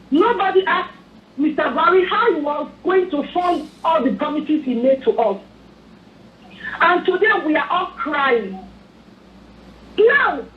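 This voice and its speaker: A Nigerian woman from Edo State calling in to a talk show, giving impassioned, angry political commentary and pleading again and again. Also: sits high. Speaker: phone-in caller. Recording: echoey tinny phone line.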